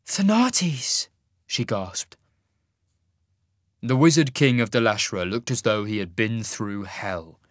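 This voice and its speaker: A man narrating a fantasy audiobook with an expressive storytelling delivery. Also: fairly low pitch, moderate pace, few pauses, no echo, clean studio sound.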